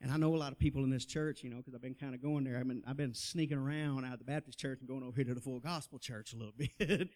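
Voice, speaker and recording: A man's voice: medium pitch, fairly even intonation, rapid-fire, hardly any pauses, a little mellow. A middle-aged man, telling his testimony in a folksy preaching style, laughing often and calling out to the crowd. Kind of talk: personal testimony, sermon style.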